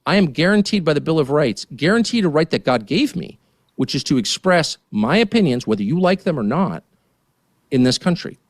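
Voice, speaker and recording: A man in his fifties giving a heated, indignant political rant as a studio guest, swinging between muttered asides and near-shouts. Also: a little high, sing-song, a little fast, no room sound. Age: 50s. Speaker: guest commentator.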